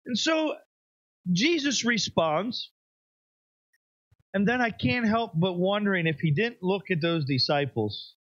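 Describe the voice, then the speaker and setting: A man preaching with a bright, high, lively voice that leaps up for emphasis and sinks low. The sound is dry and a little dull, like a modest church recording. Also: takes it slowly, long pauses, no room sound. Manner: emphatic, rises and drops sharply for effect. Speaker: pastor. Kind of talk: sermon.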